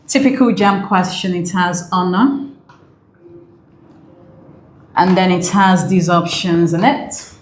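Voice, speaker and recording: A woman's voice: fairly low pitch, steady tone, slow pace, long pauses, roomy sound, slight background noise. A woman teaching an exam-prep English lesson, repeating key points and checking in with "okay?".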